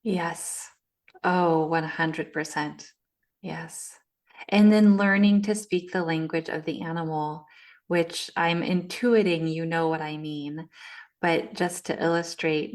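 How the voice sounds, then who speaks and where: A woman guest on a podcast, speaking in a calm, thoughtful, measured way. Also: on the low side. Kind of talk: conversational podcast interview.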